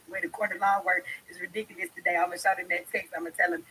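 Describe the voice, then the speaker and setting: Speaking fast in a pushed, bright voice that sits on the low side with fairly even intonation, a young woman vlogs casually to camera. She's blunt with her followers, laughing and swearing a lot as she addresses them directly. The recording is poor, with a little hiss or hum.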